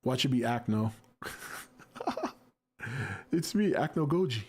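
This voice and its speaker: A man's voice: medium pitch, big pitch swings, slow, breathy edge. Laid-back man reading live chat. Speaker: livestream host reading chat. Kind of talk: casual chat.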